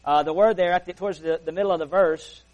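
A fast-talking preacher, earnest and higher-voiced, addresses a church service with a steady tone, stressing key words strongly before easing into soft, quiet phrasing. Folksy asides pepper his sermon, and the sound is lo-fi.

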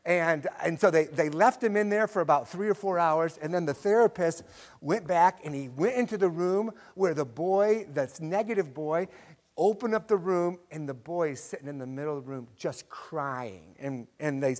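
A middle-aged man teaching a Sunday school class in a slightly high voice. He tells stories with animated energy and repeats his key points, asking the class to read along with him. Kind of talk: Sunday school lesson with storytelling.

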